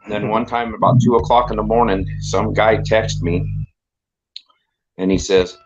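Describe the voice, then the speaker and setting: A man's voice: on the low side, steady tone, moderate pace, long pauses, dull audio. A middle-aged man telling rambling, crude stories in casual chat as a regular on the show. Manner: rambling, crude, laughing storyteller.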